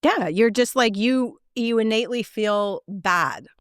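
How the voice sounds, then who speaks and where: A woman's voice: a little high, measured pace, smooth, no echo, studio quality. A woman hosting a podcast, chatty and enthusiastic as she leads the conversation. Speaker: podcast host. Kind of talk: casual conversation.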